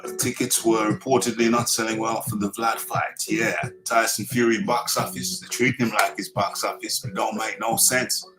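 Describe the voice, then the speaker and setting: A man's voice: lowish voice, level tone, normal speed, hardly any pauses, music in the background, low-quality recording. Emphatic man hosting a live show. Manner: emphatic, repeats himself while reading chat. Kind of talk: casual live-stream talk.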